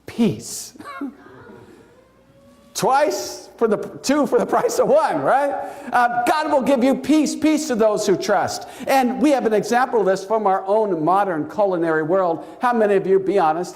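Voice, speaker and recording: A pastor giving a sermon in church, animated and playful, laughing at his own jokes. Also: high-pitched.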